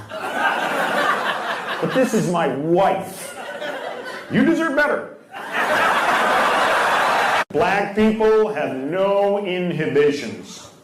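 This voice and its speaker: Male stand-up comic, fairly high voice, working a loud laughing crowd in an echoey club. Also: very noisy. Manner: punchy one-liners with quick asides to the crowd. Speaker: stand-up comedian. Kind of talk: stand-up comedy and crowd work. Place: comedy club stage. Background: audience laughing and applauding.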